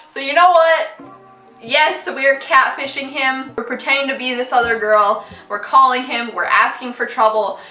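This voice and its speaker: A bright, slightly high young woman spins an animated storytime vlog, giggling through the funny parts. She sits a little back from the mic in an echoey room, with faint music underneath. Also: moderate pace, far from the mic. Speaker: vlogger.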